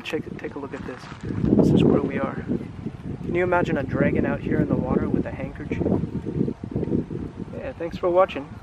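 A man's voice: fairly high pitch, creaky. A man reading a children's picture book aloud outdoors by the water, chatting and asking the listener questions as he goes. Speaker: English teacher reading to children. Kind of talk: read-aloud storytelling with questions. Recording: loud wind noise outdoors.

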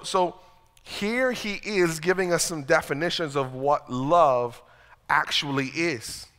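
In a church sanctuary, a pastor preaches a sermon in a conversational, self-deprecating style, often repeating words as he starts a sentence. His higher voice is clear, resonant, and fairly bright, and the recording carries the long reverb of a church hall.

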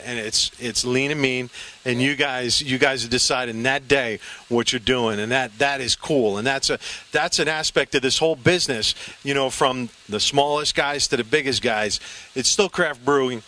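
A male TV host with a bright, forward voice and a middle-range pitch. He talks in a chatty, effusive, rambling way while interviewing people at a brewery. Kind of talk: on-location interview.

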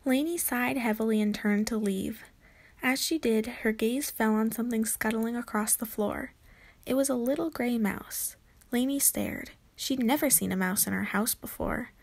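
A woman reads a children's chapter book aloud. Her storytelling is gentle and clear, in a fairly high voice. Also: normal speed. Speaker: narrator.

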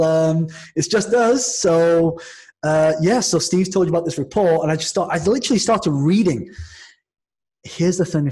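With a slightly high voice, this Mancunian man appears as a guest on a podcast, chatting casually through an animated story. He often starts sentences over and performs the quotes he relates.

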